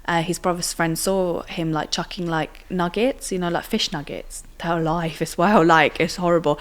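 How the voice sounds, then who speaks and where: A woman's voice: on the low side, steady tone, moderate pace. A young woman in her twenties, telling her own story as a podcast guest in a chatty way full of fillers like "like" and "do you know what I mean". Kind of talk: personal storytelling in interview.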